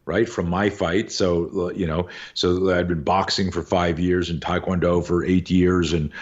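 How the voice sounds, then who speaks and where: A man's voice: sits low, little pitch movement, unhurried, slightly rough, lo-fi sound. A middle-aged man, a podcast guest, casually telling a long anecdote, acting out the voices and swearing now and then. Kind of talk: casual storytelling.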